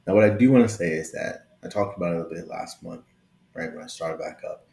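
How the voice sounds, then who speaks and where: A man's voice: low voice, fairly quick, creaky, dark tone, roomy sound. A man around thirty hosting a casual tech vlog, talking openly and conversationally and often checking in with "right?". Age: late 20s to early 30s. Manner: conversational, keeps adding "right?", affectionate and open. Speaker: tech video host.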